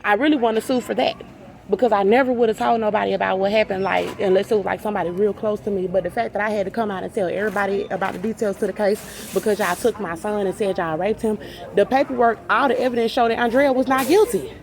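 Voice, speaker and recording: A woman's voice: medium pitch, fairly even intonation, fast, creaky. A woman in an agitated, rambling monologue to camera, profane and repeating herself. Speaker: vlogger. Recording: noisy background ambience.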